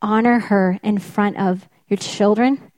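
A woman's voice: mid-range voice, fairly even intonation, takes it slowly, a little mellow, dry recording. A woman preaching a sermon, emphatic, often repeating her key phrases for weight.

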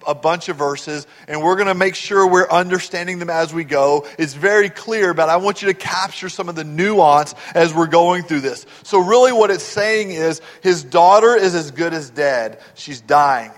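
A man's voice: a little high, moderate pace, hardly any pauses, big-room sound. A man preaching a sermon as pastor, earnestly explaining scripture verse by verse.

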